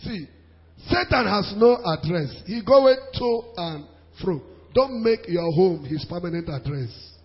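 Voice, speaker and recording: Male preacher, animated sermon delivery, high voice, muffled sound with a long hall echo. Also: measured pace. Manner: animated preaching with pidgin asides and laughter. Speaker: pastor. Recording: dull sound in a reverberant hall.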